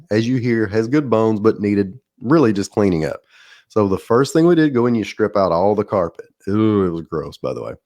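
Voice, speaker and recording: This podcast host, a middle-aged Southern man with a drawl, delivers a casual, rambling monologue of folksy storytelling and laughs at his own stories. His voice is lowish with a darkish tone.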